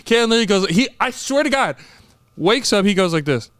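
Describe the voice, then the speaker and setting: Man, high voice, co-host, expressive casual chat, dry close sound. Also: brisk, clean tone, dry recording. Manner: expressive, swings his pitch a lot while telling stories. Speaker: podcast co-host.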